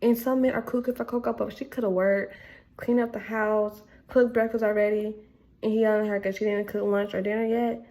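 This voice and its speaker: Gravelly young woman ranting, exasperated. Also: mid-range voice, flat delivery, a little fast, darkish tone. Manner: exasperated, blunt, heavy on "like" fillers. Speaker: vlogger. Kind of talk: casual rant to camera.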